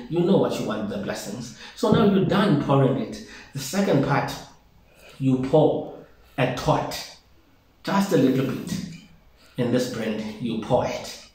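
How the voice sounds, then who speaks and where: This South African man is a traditional healer giving a relaxed demonstration of home brewing in his newly moved-into home, where the bare room echoes heavily. He speaks at medium pitch, very animated yet measured, with frequent pauses and a slightly mellow quality. As he shows each step, he keeps repeating his phrases.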